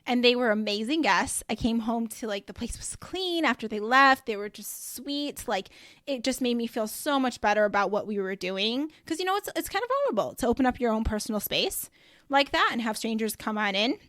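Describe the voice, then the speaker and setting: A woman's voice: a little high, animated, a little fast, a bit bright, no room sound, studio quality. Bubbly woman, gushing podcast host. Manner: bubbly and gushing, with lots of fillers like "like" and "you know". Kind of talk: casual solo podcast chat.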